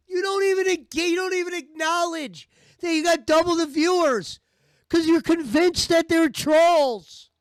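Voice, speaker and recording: High-pitched man ranting, dry sound. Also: no echo. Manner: heated, profane, mocking. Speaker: commentary host. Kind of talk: ranting commentary over stream clips.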